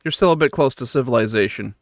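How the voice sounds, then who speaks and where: A man's voice: mid-range voice, fast talker, no echo. Male game master narrating a tabletop game; easygoing, dry mic. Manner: easygoing, with restarts while describing.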